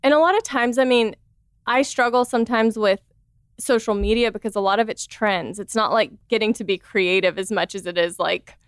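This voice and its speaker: A woman's voice: medium pitch, moderate pace, clear, resonant tone, dry recording, studio quality. A woman in her thirties chatting as a podcast guest, laughing often and acting out the voices she quotes. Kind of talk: casual interview chat.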